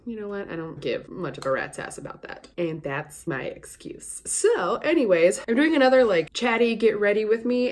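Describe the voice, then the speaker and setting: A woman's voice: fairly low pitch, darkish tone. A young woman chatting casually through a makeup routine, a little sick, rambling and swearing freely. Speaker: beauty vlogger. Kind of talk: chatty get-ready-with-me makeup talk.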